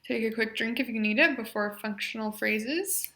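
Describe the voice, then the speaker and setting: A young woman leading a speech exercise class, encouraging and modeling loud, drawn-out vowels and short phrases. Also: a little high, reverberant. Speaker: speech therapy exercise leader.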